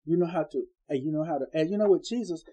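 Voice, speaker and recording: Folksy preacher guy, mellow kinda high voice, chatty bible study talk. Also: fast talker, rough recording. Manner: folksy, conversational, acts out quoted dialogue. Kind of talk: informal Bible-study sermon.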